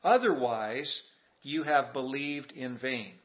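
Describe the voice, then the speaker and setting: A man's voice: mid-range voice, expressive, takes it slowly, lo-fi sound. A man preaching a sermon as pastor, emphatic and calling on the congregation to repeat lines back. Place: church sanctuary.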